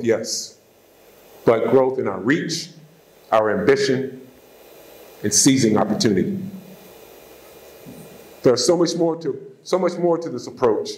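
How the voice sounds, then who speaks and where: A university president giving a formal address, speaking in measured, emphatic phrases with lists and repetition, from a podium mic in a large hall. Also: male voice, mid-range voice. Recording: echoey hall.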